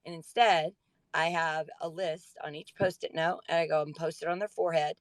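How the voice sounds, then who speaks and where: A woman in her forties co-hosting a podcast, telling a story in a chatty, animated way. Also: low-pitched, normal speed, no room sound. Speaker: podcast co-host. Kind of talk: casual storytelling.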